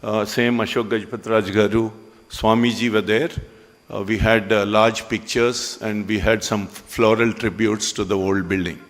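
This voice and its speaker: A man giving a ceremony speech in a hall, conversational and halting with frequent pauses. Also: on the low side, fairly even intonation. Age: 60s. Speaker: business owner speaking at a ceremony.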